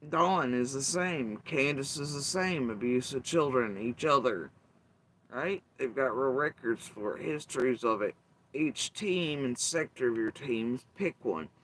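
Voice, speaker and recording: A man's voice: medium pitch, lively intonation, a little slow, a bit bright, slight background noise. A man hosting his channel, delivering bitter, profane, emphatic commentary in an angry rant. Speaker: channel host.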